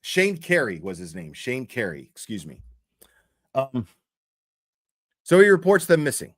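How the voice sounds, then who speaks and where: A man's voice: mid-range voice, huge pitch swings, measured pace. A man telling a story on a livestream in a blunt, profane way, with many fillers and restarts. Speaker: true crime commentary streamer. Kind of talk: casual livestream commentary.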